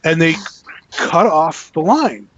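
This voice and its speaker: A man, a guest author, telling an animated anecdote in casual podcast chat, acting out the people in his story. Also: on the high side, takes it slowly, slight background noise. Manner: animated storyteller, acts out quotes. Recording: muffled lo-fi podcast audio.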